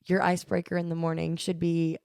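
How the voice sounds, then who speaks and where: A woman's voice: on the low side, completely flat delivery, fairly quick, gravelly, a little mellow, dry recording, clean studio sound. A woman from the American South with a Southern accent, chatting casually as a podcast co-host and laughing often, recorded on a phone at home. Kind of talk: casual chat.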